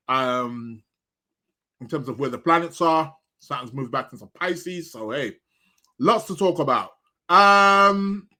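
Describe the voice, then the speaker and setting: A man's voice: a little high, pushed and bright. A man hosting an astrology podcast live stream in a casual, rambling chat, greeting viewers by name and munching snacks as he talks.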